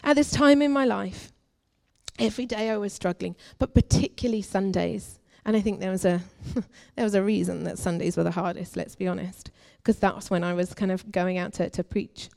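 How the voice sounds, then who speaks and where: A young adult woman, a guest preacher at a church, giving an earnest, confessional testimony that moves between forceful and hushed. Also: medium pitch, fairly even intonation, moderate pace, creaky. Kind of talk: personal testimony sermon.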